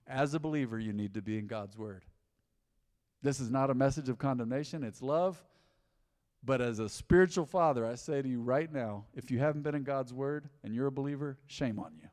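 A male pastor preaching a sermon in a church hall, animated and conversational, often repeating his points. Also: medium pitch, moderate pace. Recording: long hall reverb.

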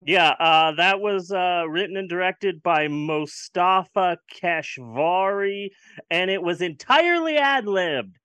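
A high-pitched man talks through bad films in a casual, sarcastic way, swearing as he goes. The recording is dry and close, with no room sound. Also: slow pace, sharp tone, clean tone, no echo. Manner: sarcastic, profane. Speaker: podcast co-host reviewing films. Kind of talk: casual chat.

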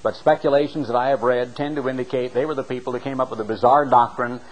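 A man preaching a sermon, reading scripture and explaining it with an emphatic, dramatic delivery that slows down for the readings. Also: fairly even intonation, rough recording. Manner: emphatic, dramatic delivery with sharp swings in pitch and loudness; slows down to read scripture aloud.

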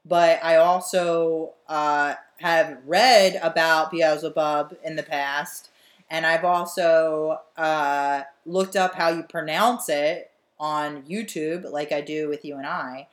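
A woman's voice: low voice, steady tone, slow pace. A woman, telling a story with animation and swearing freely as a podcast co-host. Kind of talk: casual chat.

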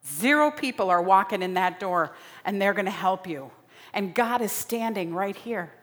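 A woman's voice: medium pitch, expressive, moderate pace, a bit bright. A woman preaching a sermon in a dramatic style, repeating phrases for emphasis. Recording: long reverb of a large hall.

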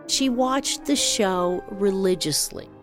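A woman telling a personal story in a wry, animated way. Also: mid-range voice, takes it slowly. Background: music.

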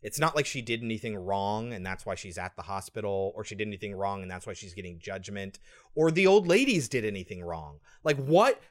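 Lively, animated podcast co-host. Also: mid-range voice. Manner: animated, agreeable, mocking. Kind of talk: casual movie review chat.

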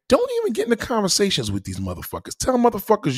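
A man delivering a crude, profane comedic rant to his viewers, swinging between low mutters and loud high exclaims. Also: huge pitch swings, fast, few pauses, slightly rough. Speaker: vlogger ranting to camera.

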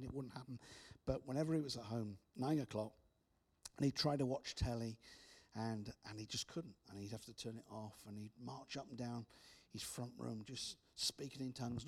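A man preaching, telling personal stories with restarts and soft, hushed drops. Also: medium pitch, slightly rough. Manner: storytelling with repeated restarts, soft dramatic drops. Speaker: speaker. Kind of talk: preaching testimony.

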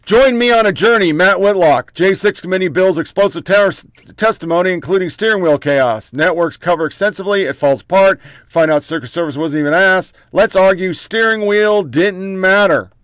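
A man's voice: high voice, fairly quick, a bit bright, dry recording. A man hosting a political commentary show, reading out headlines in short clipped bursts with profane, mocking asides.

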